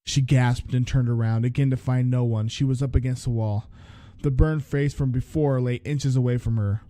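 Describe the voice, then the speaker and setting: A man's voice: medium pitch, steady tone, normal speed, warm tone, dry recording. A man hosting a podcast, reading a horror story aloud, often stopping to restart lines and comment on the text. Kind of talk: story reading with casual asides.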